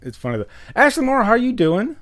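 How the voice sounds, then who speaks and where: A man's voice: extremely high pitch, huge pitch swings, quick pace, a bit bright. A man hosting a casual livestream, greeting viewers in the chat by name and rambling between topics. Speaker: livestream host. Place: home room with vinyl records.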